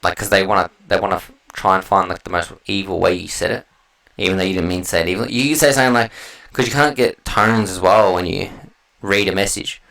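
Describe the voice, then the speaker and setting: A man's voice: sits low, steady tone, fast talker, creaky, a bit bright, rough recording. An Australian man hosting a solo podcast, talking in a loose, rambling way with slang and heavy swearing. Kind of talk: casual rambling monologue.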